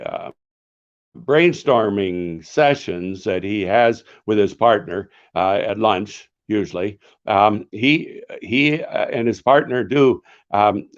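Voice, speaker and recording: An older man speaks very slowly in a fairly low voice, earnest and reflective as he answers questions about his books and his years as a pastor. He pauses often to find his words. The sound is dull and lo-fi, like audio from a video call. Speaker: author and former pastor. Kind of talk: answering questions in a live author session.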